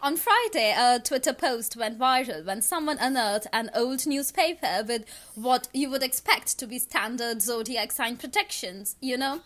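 A woman with a high, bright voice makes sassy, joking remarks as she co-hosts a casual news chat. Her pitch is lively and sweeps around a lot. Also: normal speed, hardly any pauses. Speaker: co-host.

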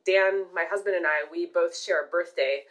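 A woman telling a long personal story in casual podcast chat, animated and swearing casually. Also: lowish voice, moderate pace, low-quality recording.

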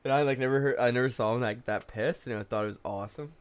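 A man's voice: medium pitch, fast talker, smooth. A young man co-hosting a podcast in casual chat, rambling through his stories with plenty of "like" and swearing. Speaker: podcast co-host.

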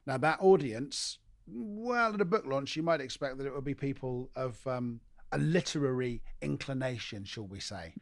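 A man's voice: mid-range voice, expressive, moderate pace, dry recording. Man, comedian, dry self-mocking storyteller, close dry mic. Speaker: comedian guest. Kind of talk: casual podcast chat.

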